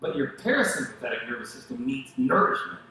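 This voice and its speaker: A male pastor preaching a sermon, telling stories in an animated way and acting out the voices of the people he quotes. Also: mid-range voice, a little fast, very echoey, rough recording. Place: church sanctuary.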